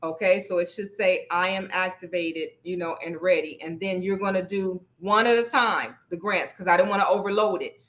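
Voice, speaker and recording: A woman's voice: lowish voice, fairly even intonation, moderate pace, fairly bright tone. A woman leading a live online workshop over a video call, speaking casually and encouragingly, repeating her instructions.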